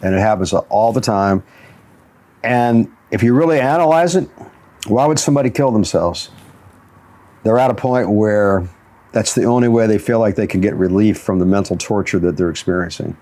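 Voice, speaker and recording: A lowish, dark-toned male voice at normal speed belongs to a motivational talk show host and jiu-jitsu instructor. He tells stories and frequently chuckles.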